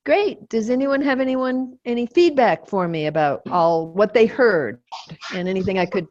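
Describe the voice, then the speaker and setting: A woman hosting a support circle over a video call, sharing her goals openly with soft laughs. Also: medium pitch, animated, moderate pace. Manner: open, reflective, laughs softly while talking. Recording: dull lo-fi video call audio.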